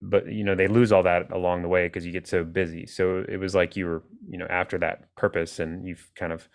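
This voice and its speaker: A man hosting a podcast interview, speaking in a relaxed, rambling, affirming way. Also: low-pitched, fairly quick, gravelly. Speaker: podcast host. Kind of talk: conversational interview.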